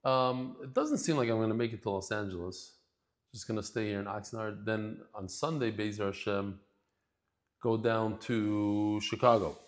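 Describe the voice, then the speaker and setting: At a moderate pace and a fairly low pitch, a man introduces his daily Talmud lesson. He sounds casual and deeply moved, frequently breaking off and beginning again.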